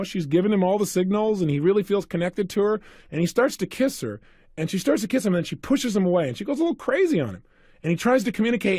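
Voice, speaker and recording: A man's voice: sits high, darkish tone, no room sound, studio quality. A man giving a motivational seminar talk, telling stories with animation and putting questions to his audience. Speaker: motivational speaker.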